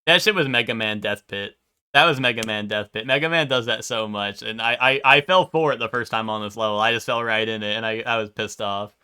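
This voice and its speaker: A man streaming a video game, chatting casually and rambling with chat, swearing and often jumping up in pitch when excited. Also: brisk, clear, resonant tone.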